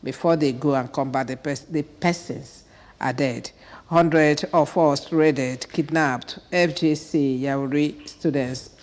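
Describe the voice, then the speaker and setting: Host, woman, voice a bit rough from a cold, reads headlines with sharp asides, studio with long reverb. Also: low-pitched, fairly even intonation, slow pace. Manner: reads headlines aloud with brief pointed asides. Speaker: TV morning show host. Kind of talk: newspaper headline review.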